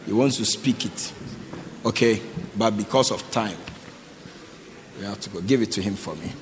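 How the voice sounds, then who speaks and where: A man's voice: lowish voice, moderate pace. A man preaching to a congregation, calling people forward for offerings, repeating short commands and firing questions at the crowd. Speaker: pastor. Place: church. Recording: echoey hall with faint noise.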